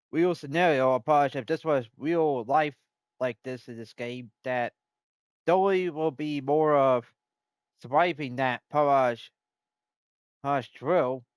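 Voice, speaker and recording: Brief: male streamer, slow musing delivery, slightly high voice, rambling live game commentary, dry close sound. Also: clean tone, dry recording. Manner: rambling, thinking aloud with restarts.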